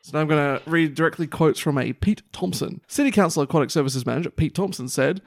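A man's voice: a little high, fast, gravelly, no echo, clean studio sound. A young man with a New Zealand accent, co-hosting a podcast in casual chat, reading news stories aloud with crude jokes and rambling fillers. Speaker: podcast co-host.

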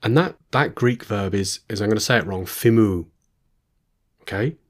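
A man's voice: on the low side, brisk. A man giving a Bible teaching, reading verses aloud and then explaining them with informal asides and restarts. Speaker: preacher.

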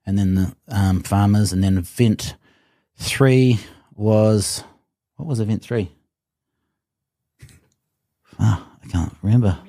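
A man, a strongman telling his competition story in an interview, animated and swearing often. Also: fairly low pitch, slow, pauses often, no room sound, studio quality. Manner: animated, swears often, acts out his own past thoughts. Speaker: guest, strongman athlete.

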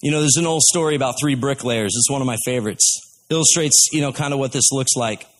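A man's voice: mid-range voice, quick pace. A man preaching a sermon in a folksy, conversational way, telling stories to his congregation.

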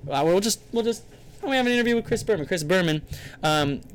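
A man's voice: sits high, lively intonation, quick pace, clean tone. A man co-hosting a casual livestream podcast, joking and hyping up his audience. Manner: joking, hype-building. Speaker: podcast co-host.

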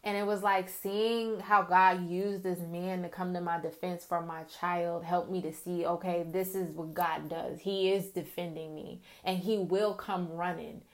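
Her voice sits on the low side, fairly even in intonation and a little slow, with few pauses. This Christian vlogger earnestly and casually opens up to viewers about prayer and her faith, sharing her testimony in a confiding way.

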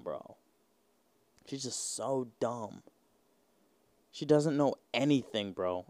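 A man's voice: medium pitch, darkish tone, dry recording. A man in his twenties hosting a solo podcast, rambling and joking with plenty of profanity. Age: 20s. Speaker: podcast host. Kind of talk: casual solo podcast rant.

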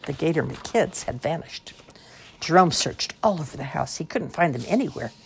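A woman reading a children's story aloud with expressive, lively voicing. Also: sits low, moderate pace, creaky, slightly rough.

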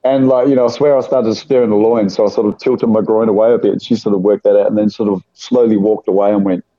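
A man's voice: on the low side, fairly even intonation, fast, mellow, no echo. A man from South Australia, chatting casually and telling rambling anecdotes, acting out the people in them. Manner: rambling anecdotal storyteller, acts out quoted voices. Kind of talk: casual chat. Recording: dull lo-fi sound.

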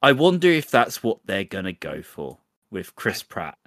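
A man co-hosting a podcast in relaxed, reflective casual chat. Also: fairly low pitch, normal speed, no echo, studio quality. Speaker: podcast co-host.

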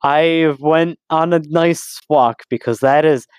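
A man playing a tabletop game, joking in a deadpan, self-mocking way. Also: fairly high pitch, slow, clear, resonant tone, no echo. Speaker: player. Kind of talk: casual tabletop game chat.

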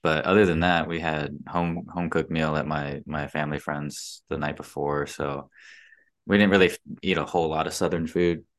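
A man casually recounting a trip, relaxed and full of fillers. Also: a bass voice, normal speed. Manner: relaxed storytelling, many fillers. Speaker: podcast guest. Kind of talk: casual chat.

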